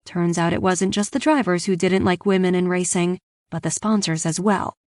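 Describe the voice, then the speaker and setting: A woman reading a first-person audiobook in an even, engaged storytelling voice. Her pitch sits on the low side, and the recording is close and dry. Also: dry recording. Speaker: audiobook narrator.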